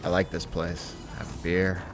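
A man with a very deep voice hosts a gameplay video, talking casually over the game. He is playful and quick to make fun of himself. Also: completely flat delivery, music in the background. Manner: playful and self-deprecating. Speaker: let's-play host.

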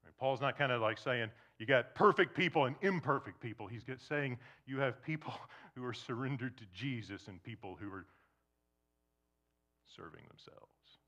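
A man preaching a sermon to a congregation, shifting between loud emphasis and hushed near-whispers, and acting out imagined questioners. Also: mid-range voice, lively intonation, normal speed. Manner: acts out imagined questioners in quoted asides. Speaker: pastor.

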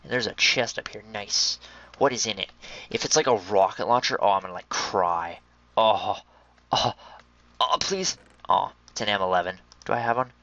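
A young man giving chatty, excitable commentary on a video game and talking to his viewers. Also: lowish voice, moderate pace, muffled recording. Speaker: gameplay commentator. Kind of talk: casual gaming commentary.

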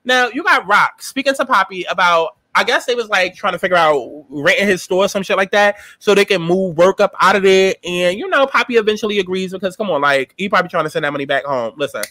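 A man's voice: high voice, fast, few pauses, bright, forceful tone, no echo. A man, giving a sassy, profane, dramatic casual commentary as a TV show reviewer. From New York.

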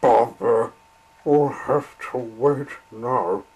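A man's voice: medium pitch, very slow, a little mellow, slightly rough, full character voice, low-quality recording. A man voicing a fussy, eager little steam engine in a children's story. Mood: fretful.

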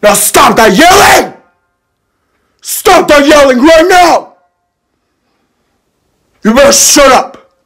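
A man voicing an angry adult who shouts at a boy to stop yelling. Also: very high-pitched, big pitch swings, slow pace, pauses often, pitched above the performer's own voice, full character voice. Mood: furious scolding. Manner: shouting, threatening.

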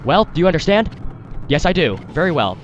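Man doing a formal old game dojo master, stern and solemn, pitched up. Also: very animated, fairly quick, lo-fi sound, a little hiss or hum.

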